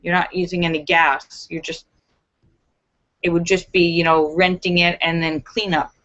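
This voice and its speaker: A woman's voice: lowish voice, level tone, normal speed, fairly bright tone, dull audio. A woman hosting a casual live stream, chatting, reading viewer comments and telling jokes with frequent giggles.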